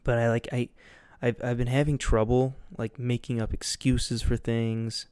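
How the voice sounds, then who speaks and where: A man's voice: mid-range voice, flat delivery, a little slow, darkish tone, clean tone, dry recording. Young dude rambling on his podcast, goofy, swears a lot, mid voice, dry sound. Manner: loose, goofy, lots of fillers and swearing. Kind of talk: casual rambling monologue.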